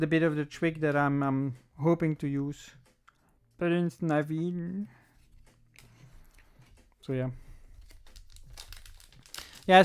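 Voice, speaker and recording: A chatty livestream host opening card packs and talking straight to the viewers. The voice is smooth and clean, pitched in a middling range. Talks loosely, thinks aloud and corrects itself mid-sentence. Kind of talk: casual livestream chat while opening packs.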